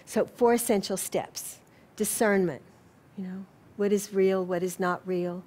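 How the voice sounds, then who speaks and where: A woman with a Southern US accent giving a gentle, unhurried spiritual lecture to an audience, with a self-deprecating touch. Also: medium pitch, steady tone. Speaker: speaker.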